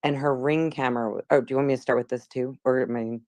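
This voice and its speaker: A woman's voice: extremely low pitch, steady tone, fast talker, darkish tone, dry recording. A woman in her forties from South Jersey, casually recounting what she saw, chatty and rambling with many fillers. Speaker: witness.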